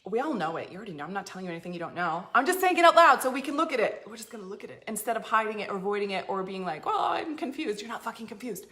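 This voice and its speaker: A woman's voice: mid-range voice, animated, rapid-fire, hardly any pauses, pushed and bright, a little hiss or hum. A woman business coach giving a blunt, emphatic motivational talk to her followers, swearing freely and acting out inner doubts. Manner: emphatic, blunt and swearing, swings into emotional acted-out inner monologues.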